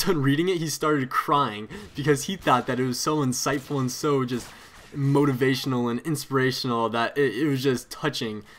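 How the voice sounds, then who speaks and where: A man's voice: medium pitch, a bit bright, slight background noise. Rambling, chatty young man. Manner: rambling, chatty, many fillers and restarts, frequent laughs. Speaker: gaming video host. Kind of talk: casual storytelling over gameplay commentary.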